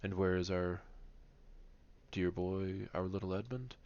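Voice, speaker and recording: A man voicing a grinning, fawning neighbor tailor in a read-aloud novel, loud and chummy. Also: deep voice, measured pace, highs cut off.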